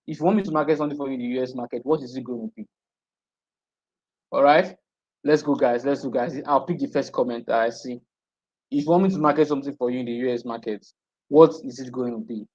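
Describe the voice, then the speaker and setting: Male instructor on a live stream, repeats himself, keeps asking "okay?", middle pitch, dull lo-fi audio. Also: quick pace, darkish tone. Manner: repeats points, checks in with "okay?". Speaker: online marketing instructor. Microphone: streaming setup.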